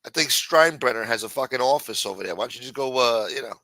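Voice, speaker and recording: A man's voice: medium pitch, animated, fast talker, sharp tone, no echo. A man hosting a live-stream show, chatting casually and reading out viewer comments in a profane, rambling way.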